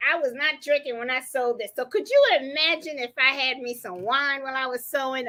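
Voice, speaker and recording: A woman's voice: high-pitched, a little fast, hardly any pauses, pushed and bright. A woman hosting a live crafting stream, chatting casually, laughing often and greeting viewers by name. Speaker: livestream host.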